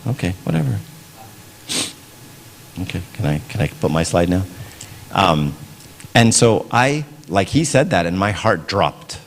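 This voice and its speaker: A man's voice: sits low, expressive, measured pace, a little hiss or hum. A middle-aged man giving a casual parenting talk at church, conversational, often asking "right?". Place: church hall. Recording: long hall reverb.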